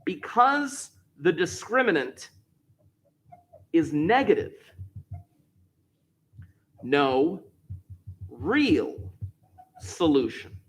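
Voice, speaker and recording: A man's voice: on the high side, very animated, drawn-out words, pauses often, fairly bright tone, slightly rough. A male math teacher walking a class through a problem step by step, repeating key points and stressing words for emphasis. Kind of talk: classroom lesson.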